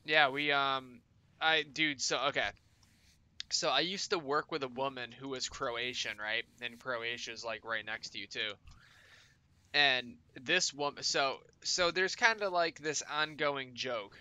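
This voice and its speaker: A man's voice: medium pitch, unhurried, bright, forceful tone, clear, resonant tone, no echo. A man chatting casually with his viewers as a streamer, rambling with lots of swearing and fillers.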